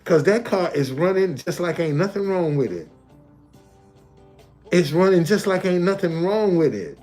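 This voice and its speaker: A man's voice: high-pitched, sing-song, normal speed, darkish tone, soft background music. A man talking casually on a livestream from a hotel, looping back and repeating his points. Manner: repetitive, loose conversational, restates points. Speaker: live streamer.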